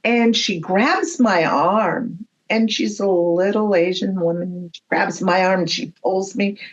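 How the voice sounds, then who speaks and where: A woman recounts her experiences at an unhurried pace, bringing anecdotes to life by acting out each exchange. Her voice sits at an ordinary middle pitch. The recording sounds slightly dull and muffled. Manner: animated anecdotes, acts out dialogue. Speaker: guest medium. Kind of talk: casual storytelling chat.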